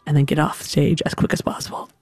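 A woman quoting her encouraging older brother in a quick, coaching manner, while telling a story. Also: music in the background, natural voice.

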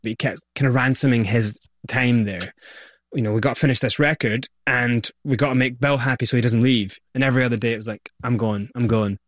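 A man's voice: mid-range voice, quick pace, dry recording. Man telling his story, dry sound. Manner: animated, acts out quoted voices. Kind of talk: conversational storytelling interview.

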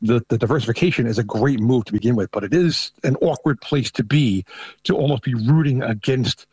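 A man's voice: mid-range voice, fairly quick, darkish tone, husky, no echo. A man from New York with a thick New York accent, a panel guest talking conversationally and often restarting his sentences. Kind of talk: casual remote interview.

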